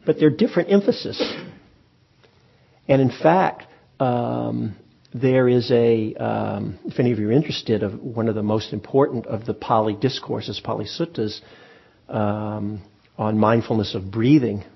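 A man teaching meditation to a group, speaking in a relaxed, conversational way with frequent pauses and restarts. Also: mid-range voice, gravelly, breathy edge, lo-fi sound. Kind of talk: dharma talk. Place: meditation hall with audience.

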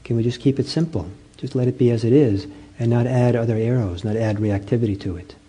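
Mellow, husky male meditation teacher. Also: mid-range voice. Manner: gentle, halting storytelling with many fillers and restarts. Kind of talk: dharma talk.

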